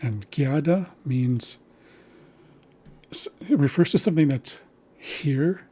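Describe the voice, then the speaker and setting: A man giving a recorded language lesson, patiently explaining and slowly repeating consonant sounds. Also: a little high, darkish tone, slightly rough. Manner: patient, slow demonstrations of sounds. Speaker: language teacher.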